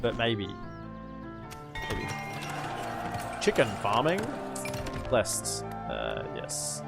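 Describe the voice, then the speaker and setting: Extremely slow and gravelly, the man's fairly low voice swings hugely in pitch as he casually commentates his strategy game. The gaming streamer rambles, thinks aloud, and amuses himself over game music.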